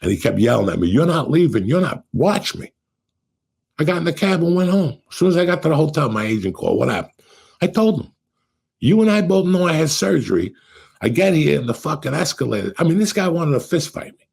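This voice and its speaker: A middle-aged man hosting a podcast, telling stories in a profane, animated way and acting out what people said. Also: on the high side, fast talker, vocal fry, slightly rough. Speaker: podcast host. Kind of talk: casual storytelling chat.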